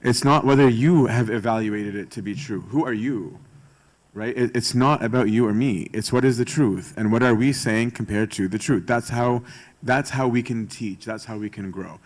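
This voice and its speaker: A man's voice: medium pitch, moderate pace. A man, a priest, giving a conversational teaching talk to church servants, often checking in with "right?". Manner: casual, keeps asking "right?" and acts out gossip in quoted voices.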